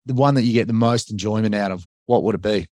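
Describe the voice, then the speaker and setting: A man's voice: fairly low pitch, quick pace, darkish tone, no room sound, clean studio sound. An Australian man in his forties hosting a podcast, talking in a friendly, matey way. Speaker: podcast host. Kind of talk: casual podcast chat.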